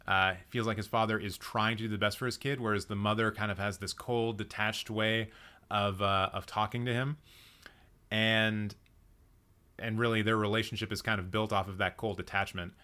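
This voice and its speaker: A slightly low-voiced man with a bright, forward tone chats casually on a live stream about films. He thinks aloud, circling back with frequent ums and restarts while responding to his chat. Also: fairly even intonation, normal speed. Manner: reacts to chat comments. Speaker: livestream movie chat host.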